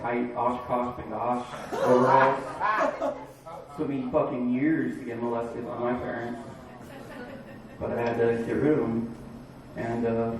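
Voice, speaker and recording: A man from Florida doing a stand-up comedy set in a dive bar, with a halting, rambling delivery full of fillers. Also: medium pitch, very echoey, far from the mic, background noise. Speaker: stand-up comic.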